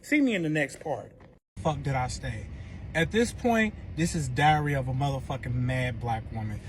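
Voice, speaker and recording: A man telling a wild personal story in a casual, profane and animated way. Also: medium pitch, moderate pace, a little hiss or hum. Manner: profane, animated, emphatic retelling.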